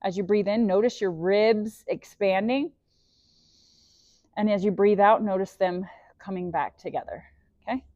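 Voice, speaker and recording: A woman's voice: mid-range voice, unhurried, pauses often, warm tone, dry recording, highs cut off. A woman leading a guided breathing lesson, enthusiastic and encouraging, mixing body facts with faith, speaking into a clip-on mic. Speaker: breathwork instructor. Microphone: clip-on microphone.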